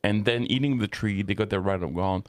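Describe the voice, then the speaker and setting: A man hosting a Christian talk show, explaining ethics in an unhurried, thinking-aloud way with restarts. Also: fairly low pitch, no room sound. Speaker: host and ethics teacher.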